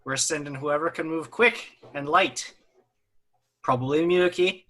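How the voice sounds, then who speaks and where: A man playing a tabletop game, speaking in character in a firm, measured way. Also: fairly high pitch, sharp tone, faint music behind. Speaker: player.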